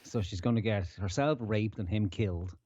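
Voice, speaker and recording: A man's voice: fairly low pitch, moderate pace, mellow, no room sound, dull audio. A man hosting a podcast, giving a casual, profane, ranting commentary full of swearing. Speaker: podcast host.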